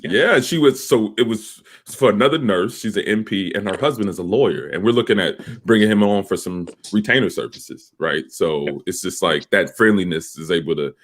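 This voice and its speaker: A man with a deep morning voice, a cybersecurity professor on a panel, telling stories in a relaxed way. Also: normal speed, hardly any pauses. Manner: relaxed storyteller, laughs easily. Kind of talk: casual panel chat.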